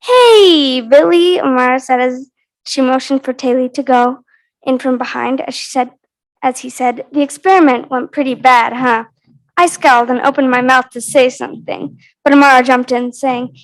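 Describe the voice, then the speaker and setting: Young woman, American accent, nervous reader, high voice, dry sound. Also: dry recording, poor audio. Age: teens. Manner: nervous, with stage fright. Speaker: student reader. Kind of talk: reading her own story aloud.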